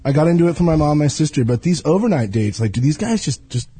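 Man, lively husky voice, fast, joking co-host. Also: fairly high pitch. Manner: quick, joking interjections. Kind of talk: casual chat.

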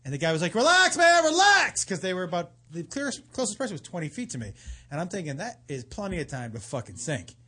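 Animated, lively-voiced storytelling man. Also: on the high side, fast, slightly rough. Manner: animated, profane, acts out quotes. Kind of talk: casual storytelling chat.

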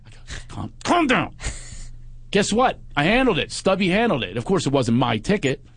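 A comedian telling a funny story in casual chat, acting out the voices of the people in it. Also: male voice, on the high side, quick pace, slightly rough, dry recording. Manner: animated, acts out the voices in his stories.

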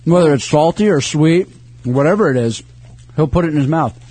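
A man's voice: on the high side, brisk, a little mellow, husky, no room sound. A man hosting a radio show from the studio, bantering and joking in a loose, rambling way. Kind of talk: casual on-air banter.

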